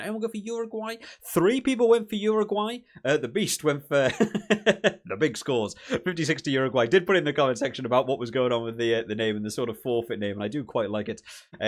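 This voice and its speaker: A young man hosting a rugby channel, talking casually through rankings and prediction results with lots of fillers and small laughs. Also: medium pitch. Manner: chatty, laughs between points, lots of fillers.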